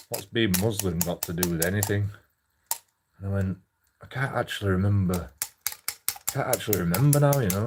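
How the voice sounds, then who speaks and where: A man telling a rambling, sweary story about a night at a pub, with lots of halting restarts. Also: low voice, noisy background. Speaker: vlogger. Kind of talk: casual storytelling monologue.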